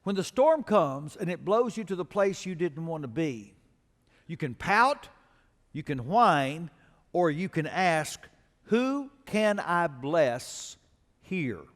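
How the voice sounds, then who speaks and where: High-voiced preacher in a ringing hall. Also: male voice, very animated, unhurried, a bit bright. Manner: storytelling preacher, building to emphatic exhortation. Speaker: pastor. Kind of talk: sermon. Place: large church auditorium. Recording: long reverb of a large church hall.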